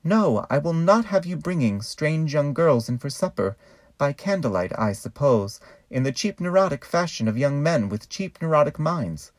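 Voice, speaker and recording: A shrill, pious old saint's head scolds in a raised, prim voice, as a man puts her on. The sound is close and dry, with no room around it. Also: big pitch swings, normal speed, dry recording. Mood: scolding.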